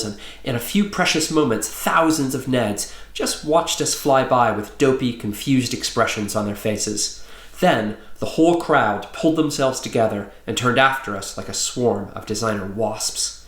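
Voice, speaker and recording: A man reads his children's book aloud in a friendly, lively storytelling manner, at a middle pitch for a man. He keeps the tone upbeat for young listeners. The recording has a noticeable roomy echo. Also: moderate pace.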